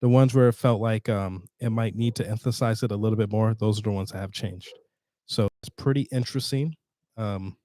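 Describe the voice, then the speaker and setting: A man hosting a casual screen-share tutorial, chatty and halting with fillers and restarts, sounding tired. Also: lowish voice, warm tone, no room sound, clean studio sound. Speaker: tutorial host.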